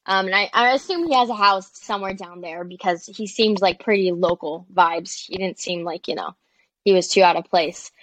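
Young woman, chatty, animated, dry recording. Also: medium pitch, moderate pace, dry recording. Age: young adult. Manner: chatty and animated, many "like"s, quoting people. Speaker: guest, social media creator. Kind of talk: casual storytelling in an interview.

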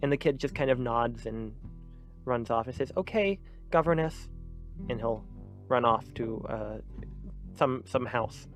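A man's voice: mid-range voice, little pitch movement, unhurried, soft background music. A man narrating a tabletop game as game master, in a loose, filler-heavy way.

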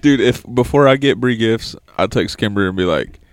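A man's voice: lowish voice, moderate pace, no echo. A young man co-hosting a casual podcast with friends by a fire, bantering in slangy, joking talk. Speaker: podcast co-host. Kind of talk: casual chat among friends.

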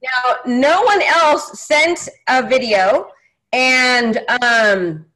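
A woman's voice: high-pitched, drawn-out words, sharp tone, poor audio. A woman host talking casually, stopping and restarting while she plays clips. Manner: loose, self-interrupting, fumbling with playback. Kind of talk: casual presentation.

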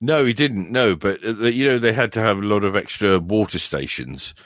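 A podcast host with a very deep voice, telling rambling stories with frequent chuckles. The sound is dry and close. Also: male voice, expressive, brisk, fairly bright tone, dry recording. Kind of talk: casual podcast chat.

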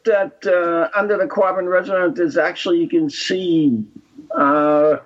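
A man co-hosting a casual chat, rambling and halting with many fillers. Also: high-pitched, steady tone. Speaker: co-host. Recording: dull lo-fi sound.

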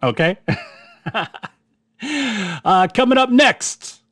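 A man's voice: very high voice, sing-song, drawn-out words, a bit bright, no room sound, clean studio sound. A man hosting a hobby podcast, chatting through listener email in a rambling way with many fillers and restarts. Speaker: podcast host. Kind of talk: casual chat answering listener email.

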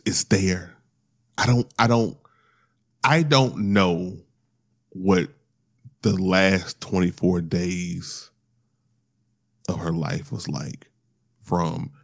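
A deep-voiced man speaks in a halting, emotional monologue, stumbling over his words and trying not to cry. His low voice has a gravelly, creaky edge. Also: darkish tone, no room sound, studio quality. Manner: halting, restarts often, fighting back tears. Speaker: storyteller sharing a personal loss.

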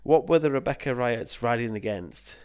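A man's voice: mid-range voice, animated, normal speed, a little mellow, clean tone. A man, co-hosting a history podcast, reading quiz questions aloud with teasing, sweary banter. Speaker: podcast co-host.

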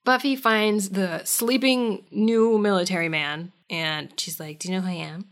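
A woman co-hosting a podcast, recapping episodes in a wry, animated, casual way with some swearing. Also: mid-range voice, normal speed. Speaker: podcast co-host.

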